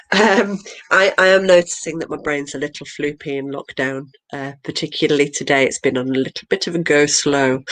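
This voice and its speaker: Rambling, hesitant woman host, low voice. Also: fairly bright tone. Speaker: comedy night host. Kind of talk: casual live-stream hosting. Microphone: home video call.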